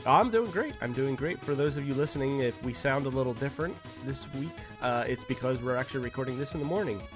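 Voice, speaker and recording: A man hosting a casual podcast chat from home, relaxed and conversational, hedging his opinions. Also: medium pitch, fast talker, over music. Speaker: podcast host.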